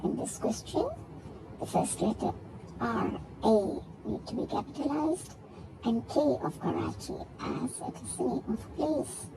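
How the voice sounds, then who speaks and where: Woman teacher talkin real slow to little kids, repeats every word, gravelly voice, bit of background noise. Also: a little high, very animated. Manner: repeats each word slowly and spells out syllables. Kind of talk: recorded grammar lesson for young children.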